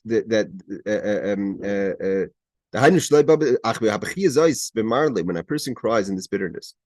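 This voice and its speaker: Male Torah teacher over a video call, mid-pitched, dry close sound, reads a line and translates it, restarts a lot. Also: dry recording. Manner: reads Hebrew phrases, then translates them; frequent restarts, rising emphatic questions. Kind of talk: explaining a Chassidic text in class.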